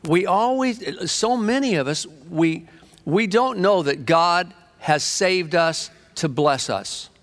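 A man preaching a sermon with fervent energy, telling stories and shifting between quick and drawn-out phrases. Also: sits high, lively intonation.

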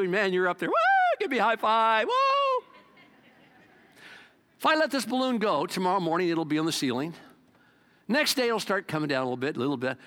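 A man preaching a sermon as pastor, talking to his congregation in an animated, conversational way. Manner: animated, conversational preaching with swings in pitch and loudness.

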